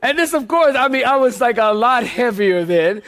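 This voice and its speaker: A man preaching a sermon in church, telling lively stories and acting out the voices of people in them. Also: very high voice, moderate pace, a little hiss or hum. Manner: animated storyteller, acts out quoted voices. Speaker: pastor. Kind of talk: sermon storytelling.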